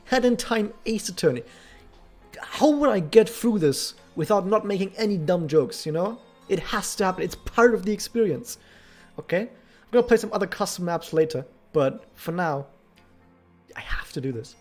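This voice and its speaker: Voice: medium pitch, expressive, normal speed, soft background music. A streamer chatting and joking casually while playing and reading through a game, often interrupting themself. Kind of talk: live game commentary and reading.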